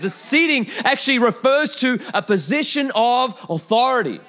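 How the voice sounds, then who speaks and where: A young man preaching a sermon in an animated way, with repeated calls to the congregation and storytelling asides. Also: very high-pitched, a little fast, hardly any pauses. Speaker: pastor.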